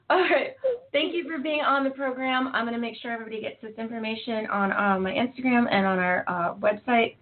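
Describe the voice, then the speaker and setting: A woman's voice: a little high, animated, fast, noisy background. A woman hosting a podcast interview, talking in an emotional, effusive way with lots of fillers. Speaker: podcast host. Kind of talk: casual interview chat. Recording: tinny phone-like line.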